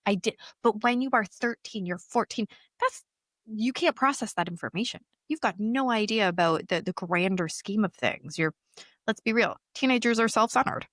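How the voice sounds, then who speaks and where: A woman's voice: medium pitch, normal speed, a bit bright, no echo, clean studio sound. A woman speaking candidly in an interview, telling her own story openly and animatedly, often breaking into laughter. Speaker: guest.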